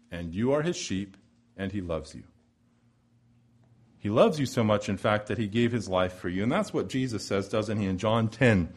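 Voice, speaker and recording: A man preaching a sermon in a measured, rhetorical way, repeating phrases and building to swells of emphasis. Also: fairly low pitch, darkish tone.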